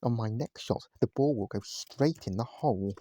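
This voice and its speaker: A man's voice: medium pitch, moderate pace, dark tone, no room sound, close to an everyday voice. A man voicing a snooty, rude male golfer in a storybook reading, haughty and boastful.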